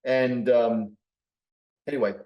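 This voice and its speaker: A man talks in a casual conversation, pausing and restarting his sentences often. His voice sits in the middle range. The recording carries a noticeable roomy echo. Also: mid-range voice, steady tone, dull audio. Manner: hesitant, many fillers and restarts.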